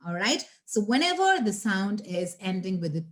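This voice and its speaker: A woman's voice: mid-range voice, big pitch swings, moderate pace. A woman teaching an online English lesson, chatty and playful, sounding out consonants as she explains.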